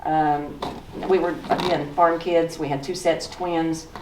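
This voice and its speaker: Southern woman in her sixties, low voice, folksy storyteller, echoey room, heard from a distance. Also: little pitch movement, unhurried, noisy background. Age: 60s. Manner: folksy, storytelling, pointing at photos. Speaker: author giving a talk. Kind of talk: slideshow talk with personal memories. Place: museum lecture room.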